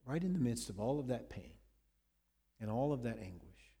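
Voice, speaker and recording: A man preaching a sermon, retelling scenes dramatically with sudden swings between loud and hushed delivery. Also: mid-range voice, lively intonation, moderate pace, husky, big-room sound. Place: church.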